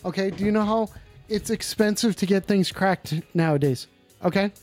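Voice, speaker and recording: A man's voice: high voice, moderate pace, darkish tone, soft background music. A man hosting a comedic call-in show in character, brash and profane and often repeating himself. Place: indoors at home.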